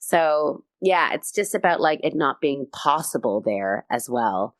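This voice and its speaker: A woman comedian talks as an interview guest, her voice sitting on the low side. She tells her stories with lively, high energy. The sound is dry and close, with no room around it. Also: unhurried, dry recording. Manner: high-energy, animated storytelling. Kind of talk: casual interview chat.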